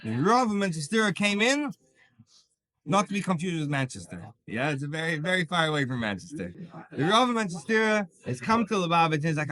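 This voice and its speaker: A man leads a class as a rabbi, spinning stories with lively energy. His voice sits high, and it carries a bright, forward ring. He slips into the characters' lines as he goes. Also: brisk, no echo. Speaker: rabbi teaching Chassidus. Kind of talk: storytelling Torah class.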